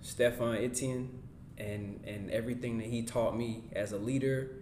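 A man with a mid-range voice hosts a podcast and wraps up the episode in a heartfelt, plain-spoken way. The room sounds roomy and echoey, with a faint low rumble underneath. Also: fairly even intonation, normal speed, a little mellow. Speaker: podcast host. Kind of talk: casual chat.

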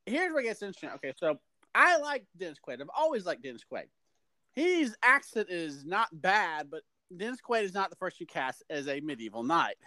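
High, bright-voiced man critiquing films. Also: very animated, fairly quick, no room sound. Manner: opinionated, rambling critique. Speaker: podcast co-host. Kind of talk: casual film review chat.

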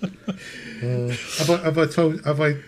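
A man's voice: a little high, slow pace, a crowd in the background. A man co-hosting a podcast, chatting casually and rambling with hesitant starts before he gets into his story. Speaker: podcast co-host. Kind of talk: casual chat.

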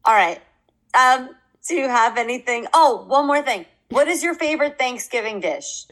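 A young woman co-hosting a podcast in casual chat, bubbly and quick to laugh. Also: fairly high pitch, poor audio. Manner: bubbly, laughs often, quotes people in animated bursts. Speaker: podcast co-host.

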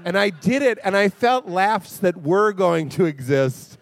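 A man's voice: high-pitched, unhurried, creaky. A man guesting on a live comedy podcast, telling jokey stories in casual chat. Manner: animated, jokey storytelling. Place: live stage show.

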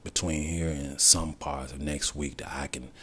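A man with an extremely deep, husky voice speaks in a personal video diary. He is emotional and holding back tears, reflective, and often sinks into a breathy whisper. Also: steady tone, normal speed, bright, forceful tone. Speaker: vlogger.

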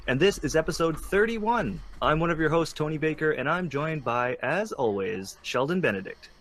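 A man's voice: fairly high pitch, expressive, moderate pace, a bit bright. A man co-hosting a casual gaming podcast, teasing his guest and laughing often. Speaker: podcast co-host.

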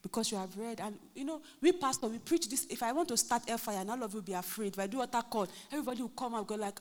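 A Nigerian woman pastor preaching a lively sermon, acting out quotes and joking with her congregation. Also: on the high side, racing, hardly any pauses. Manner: animated, acts out quotes, jokes with the congregation. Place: church hall. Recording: reverberant church hall.

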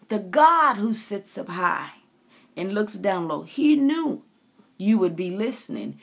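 A middle-aged woman from the Caribbean gives a faith-based motivational talk at an unhurried pace. Her voice has a gravelly edge. She preaches warmly to her listeners and calls them honey and baby. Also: on the high side. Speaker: author and inspirational speaker.

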